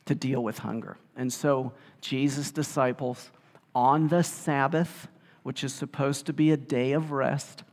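A man preaching a sermon in an animated way, often acting out the voices of the people he quotes. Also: mid-range voice. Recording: long hall reverb.

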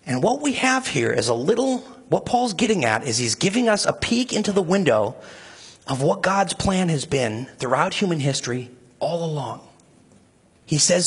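Gravelly impassioned male preacher. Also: very animated, normal speed. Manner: impassioned, rising to emphatic high pitch when stirred. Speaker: pastor. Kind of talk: sermon.

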